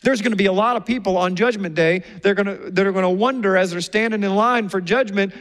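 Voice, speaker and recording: High-voiced man preaching in a reverberant hall. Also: quick pace, hardly any pauses. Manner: animated storytelling, acting out quoted people. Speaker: pastor. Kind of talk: sermon.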